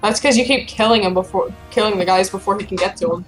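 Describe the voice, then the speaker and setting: A woman's voice: medium pitch, fast talker, over music. A young woman hosting casual gameplay chat, chatty and helpful as she guides a friend and playfully reads game lines aloud. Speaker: gameplay host guiding a friend.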